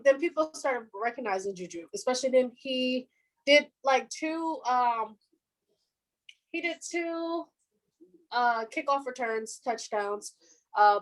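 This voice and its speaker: A young woman in her twenties chats about football on a casual podcast. Her voice sits somewhat high, and she talks in a loose, animated way, laughing often. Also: poor audio. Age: 20s. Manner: fan of the team, says "our defense". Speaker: podcast co-host. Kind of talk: casual sports chat.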